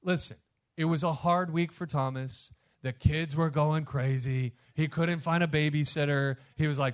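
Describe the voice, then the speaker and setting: A male pastor preaching a sermon, talking to the congregation directly and emphatically, swinging between loud punches and hushed asides. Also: fairly high pitch, fairly even intonation, moderate pace, clear, resonant tone.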